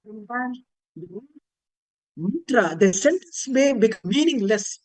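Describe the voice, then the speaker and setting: A man's voice: sits high, lively intonation, unhurried, a little mellow, low-quality recording. A man giving a webinar lecture on Vedic chanting, patiently explaining and chanting Sanskrit words to show their intonation. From India. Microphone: video call.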